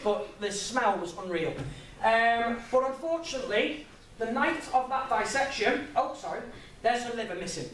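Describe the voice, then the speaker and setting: A man's voice: extremely high pitch, lively intonation, normal speed, a bit bright, a little hiss or hum. A young man giving a public talk in a chatty, laughing, self-deprecating way. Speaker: guest speaker. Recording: echoey room, voice from far off.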